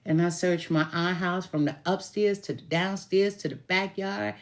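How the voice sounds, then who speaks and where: A woman with a lowish voice talks casually to the camera at a moderate pace with few pauses, reading tarot and calling herself a good witch. She's chatty, laughing and dropping the odd swear word as she tells her stories.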